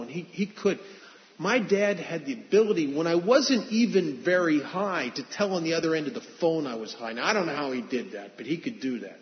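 A man's voice: fairly high pitch, lively intonation, fairly quick. A man earnestly sharing a confessional personal testimony, restarting phrases as he goes. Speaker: speaker sharing his recovery story. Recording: dull reverberant hall recording.

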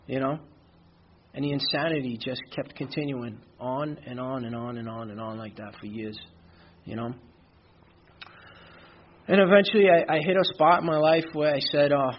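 A man speaks at a recovery meeting, giving a frank, rambling testimony about his own life. His pitch sits in an ordinary middle range and he fills his sentences with "you know". The recording is muffled and lo-fi, with a faint hiss behind him. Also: moderate pace, pauses often. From Brooklyn, New York.

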